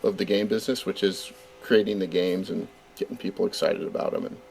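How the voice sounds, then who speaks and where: A man's voice: deep voice, fairly even intonation, fairly quick, gravelly, darkish tone. Californian man, middle-aged, game designer guest, eager and stammering, faint hiss behind. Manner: enthusiastic, with stammered repeats. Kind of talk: casual interview chat.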